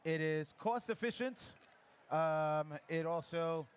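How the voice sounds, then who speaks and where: A man's voice: a little high, clear, resonant tone. A man who teaches latte art, coaching a guest through live pours at a coffee festival in a chatty, encouraging way. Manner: encouraging, chatty, gives quick pouring cues. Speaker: barista instructor. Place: coffee festival demo area.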